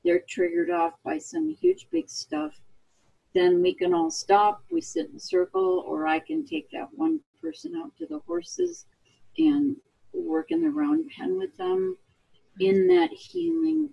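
Gravelly high-voiced woman. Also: sing-song, measured pace, dark tone, lo-fi sound. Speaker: guest, equine therapist. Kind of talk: casual interview chat.

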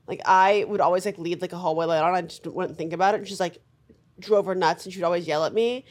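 A woman co-hosting a podcast in casual, animated chat, swearing freely. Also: on the low side, fast talker. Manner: animated, swearing, lively quoted voices. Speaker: podcast co-host.

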